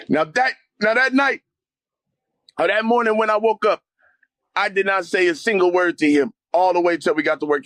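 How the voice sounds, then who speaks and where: Speaking at a fairly high pitch with no echo, this interview guest delivers a forceful personal testimony, his voice swelling almost to a shout when the story turns dramatic.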